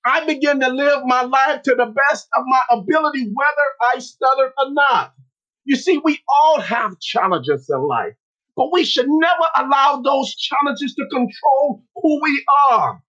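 A man telling a personal story as a motivational talk, speaking slowly and earnestly with pauses. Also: very high-pitched, lively intonation, fairly bright tone, lo-fi sound.

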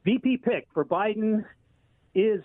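Deadpan male caller on a tinny phone line. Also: high voice, a little slow, dry recording. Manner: deadpan joke-telling. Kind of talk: call-in to talk radio.

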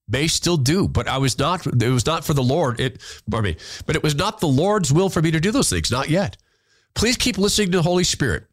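Reading out letters from listeners, this podcast host responds with sincere, open emotion, occasionally stumbling and repeating words when something touches him. He has a mid-range, fairly bright voice, recorded with no echo.

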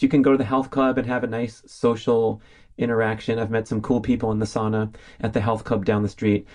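A man's voice: medium pitch, darkish tone. A middle-aged man from California hosting a solo podcast in an upbeat, chatty, enthusiastic way. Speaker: podcast host. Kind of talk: casual solo podcast monologue.

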